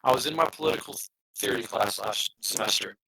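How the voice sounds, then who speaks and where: A man's voice: fairly low pitch, fast talker, gravelly, husky, no echo, poor audio. A young man, a student and podcast cohost, chatting casually and telling a story about a class. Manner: chatty, animated, laughs at the host.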